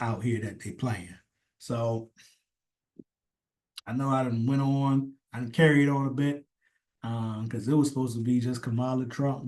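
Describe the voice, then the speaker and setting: Here a man with a mid-range, darkish-toned voice gives a casual opinion rant as a commentator. He swears a lot, rambles, and leans hard on every point.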